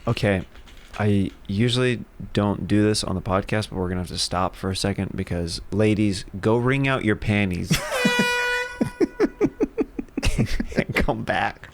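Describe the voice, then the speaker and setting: A man's voice: lowish voice, normal speed, vocal fry, few pauses, slight background noise. A man hosting a podcast in casual chat, teasing his guest with jokes. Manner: teasing, joking. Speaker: podcast host.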